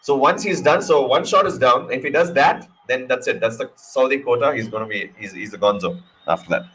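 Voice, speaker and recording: Husky-voiced man calling cricket live. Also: mid-range voice, brisk, low-quality recording. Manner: excitable, swears, jokes. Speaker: live stream host. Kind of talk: casual live cricket watch-along commentary.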